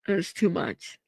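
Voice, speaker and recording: A woman's voice: mid-range voice, vocal fry, mellow, husky, dry recording, studio quality. A woman hosting a casual live stream, chatting, reacting to viewers and laughing. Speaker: host of live trial coverage stream.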